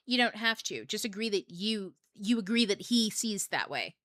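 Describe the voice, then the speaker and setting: A woman's voice: medium pitch, animated, moderate pace, few pauses, a bit bright, no room sound, clean studio sound. A young woman hosting a book club livestream, talking in a rambling, joking, profane way. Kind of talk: casual livestream talk.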